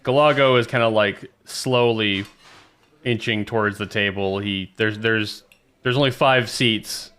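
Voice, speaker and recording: A man narrating as game master in a lively, descriptive way. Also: lowish voice, unhurried, smooth.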